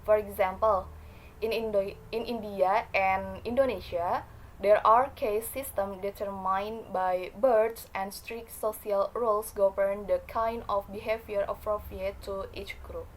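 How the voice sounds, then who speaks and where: A woman's voice: mid-range voice, steady tone, unhurried, a little hiss or hum, low-quality recording. Woman reading notes with frequent fillers. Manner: reads from notes with frequent fillers and small slips. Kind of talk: reading a class presentation.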